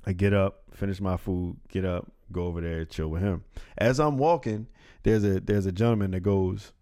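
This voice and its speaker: A man's voice: sits low, moderate pace, dark tone, smooth, dry recording, studio quality. A man in casual chat, telling a story in a laid-back, slangy way and often repeating himself.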